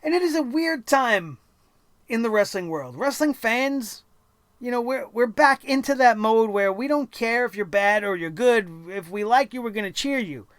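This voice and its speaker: Excitable, profane wrestling show reviewer. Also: medium pitch, no echo. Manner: dramatic play-by-play storytelling with emphatic pauses. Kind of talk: casual wrestling show recap and opinion.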